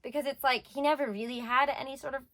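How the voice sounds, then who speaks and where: A woman's voice: high voice, fairly even intonation, quick pace, a bit bright. A young woman reviewing a manga in casual chat, rambling with lots of filler words and getting emotional.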